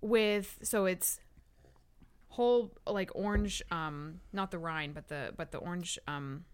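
A woman's voice: lowish voice, slow pace, clean tone. A woman co-hosting a casual chat, talking loosely with fillers and easy laughter.

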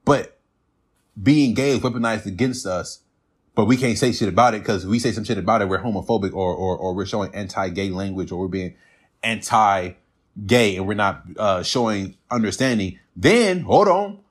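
A man's voice: lowish voice, normal speed, breathy edge. A man ranting bluntly and profanely in a casual monologue, mocking others with put-on quotes.

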